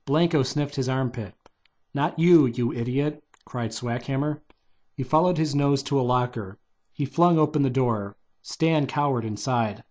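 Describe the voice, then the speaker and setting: A man's voice: medium pitch, normal speed, darkish tone, lo-fi sound. A man reading a children's novelization aloud in a loose, unpolished way, stopping to redo lines. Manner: loose, unpolished delivery with restarts and "take two" retakes. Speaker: reader.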